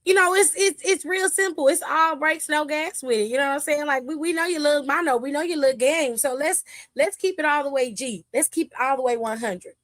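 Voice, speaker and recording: A woman hosting a wrestling recap, telling it in animated casual chat and acting out the quotes. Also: high-pitched, fairly quick, no echo, clean studio sound.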